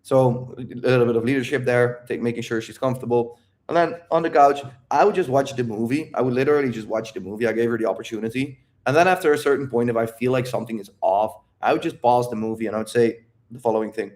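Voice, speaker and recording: A man's voice: mid-range voice, fast, darkish tone. Blunt, emphatic male coach. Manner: emphatic, blunt, swears freely, checks in with listeners. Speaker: dating and relationship coach. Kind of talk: coaching monologue with role-play.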